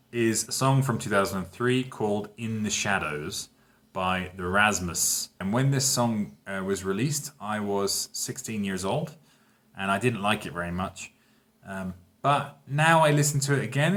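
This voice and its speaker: A man gives a casual online lesson. His voice sits fairly low, and he explains patiently and often stops to check that students are following. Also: expressive, measured pace, fairly bright tone. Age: 30s. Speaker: English teacher.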